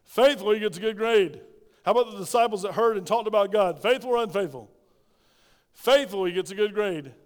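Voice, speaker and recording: A man's voice: high-pitched, brisk. A man preaching a sermon as pastor, emphatic and questioning his congregation. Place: church. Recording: reverberant church hall.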